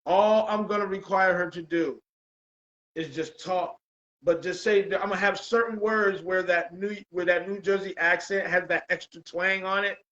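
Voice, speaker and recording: A man hosting a casual chat show, relaxed and loose, dropping "bro" and "man" often. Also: high voice, normal speed, muffled recording. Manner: laid-back, says "bro" and "man" a lot. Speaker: podcast host.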